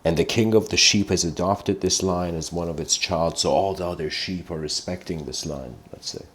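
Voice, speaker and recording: Male lecturer with a very low voice who rambles through a parable and clears his throat often. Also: normal speed, slight background noise. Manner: meandering storytelling, frequent throat clearing. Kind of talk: livestreamed philosophical lecture.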